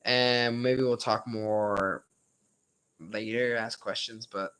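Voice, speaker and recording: A man's voice: on the low side, fairly even intonation, slow, fairly bright tone, clean tone, low-quality recording. A young man leading a casual study-session lecture, loose and rambling with frequent swearing and hedging, his voice a little strained. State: slightly strained voice.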